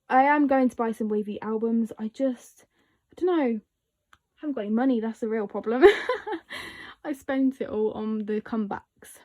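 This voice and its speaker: With a slightly high voice and a dark tone, a young woman vlogger chats casually as she presents her collection. She laughs often and fills pauses with "um" and "like."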